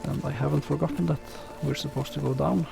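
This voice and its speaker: A man with a pronounced non-native English accent, narrating and commenting on a game in a relaxed, self-deprecating way. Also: on the high side, fast, gravelly, music in the background. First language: not English. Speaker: let's play host.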